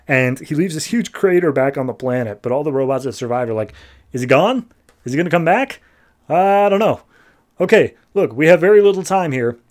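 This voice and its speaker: A man on a podcast casually recapping a comic book, tossing off characters' lines in quick, loose voices. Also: on the high side, a little mellow. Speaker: podcast host.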